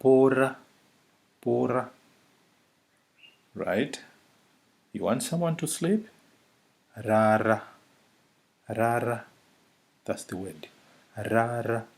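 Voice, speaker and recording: A man teaching a vocabulary lesson, saying each word slowly and repeating it several times for the listener. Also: mid-range voice, vocal fry. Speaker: language teacher. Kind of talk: slow spoken vocabulary lesson.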